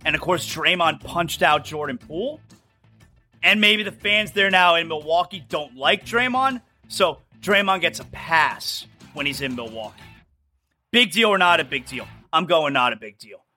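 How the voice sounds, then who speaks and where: Animated opinionated sports talk host, man. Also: a little high, faint music behind. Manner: fast, animated, opinionated rambling. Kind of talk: solo sports talk show.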